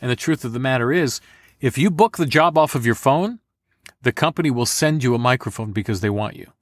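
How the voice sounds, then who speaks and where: A man in a relaxed interview about voice acting, talking in an animated, rambling way and joking often. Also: mid-range voice, dry recording, studio quality. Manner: animated, rambling, quick to joke. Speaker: voice actor guest. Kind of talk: casual interview chat. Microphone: home studio condenser mic.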